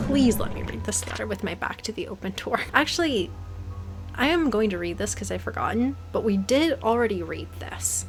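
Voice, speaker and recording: A young woman giving nervous commentary while playing a horror game, often dropping to a whisper. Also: mid-range voice. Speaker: let's play gamer.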